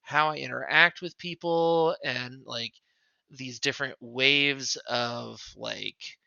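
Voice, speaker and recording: Podcast guy rambling w lots of likes and ums, bright edgy voice, kinda muffled dry recording. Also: medium pitch, fairly even intonation, slow pace, creaky, dry recording. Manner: rambling with many fillers. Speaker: podcast co-host. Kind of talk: casual chat.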